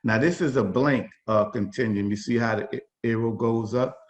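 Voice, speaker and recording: A man's voice: mid-range voice, moderate pace. A man facilitating a workshop over a video call, talking informally with many fillers and restarts. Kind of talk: conversational workshop talk. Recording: dull lo-fi video call audio.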